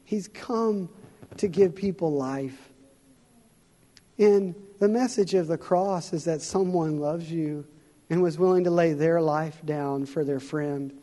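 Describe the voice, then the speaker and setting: A man's voice: fairly high pitch, takes it slowly, warm tone, in a large hall. A man giving a conversational sermon as a guest speaker in a church, telling stories earnestly.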